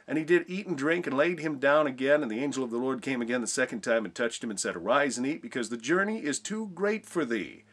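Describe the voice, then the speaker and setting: A man's voice: mid-range voice, fast, few pauses, a bit bright. A man teaching informally on a Bible passage, reading scripture aloud and asking rhetorical questions.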